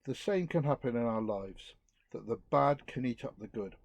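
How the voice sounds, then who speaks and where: A middle-aged man giving an earnest outdoor talk to a youth group, reflective and lively. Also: medium pitch, normal speed, creaky, no echo. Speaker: youth speaker.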